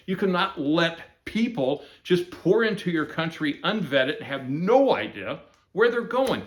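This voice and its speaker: A man's voice: on the high side, fairly bright tone. A man from the United States giving an emphatic, indignant opinion monologue as host of his own channel.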